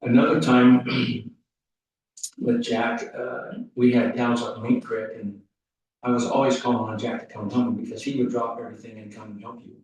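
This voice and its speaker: A man giving a rambling, folksy eulogy at a funeral service, full of halting restarts. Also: medium pitch, little pitch movement, a little mellow, a little hiss or hum. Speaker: funeral speaker. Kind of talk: eulogy storytelling. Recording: echoey hall, mic off at a distance.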